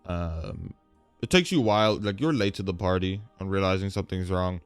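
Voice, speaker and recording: A man narrating a tabletop game as game master, chatty and animated, with many fillers. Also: sits low, fairly quick, clear, resonant tone, no echo, faint music behind.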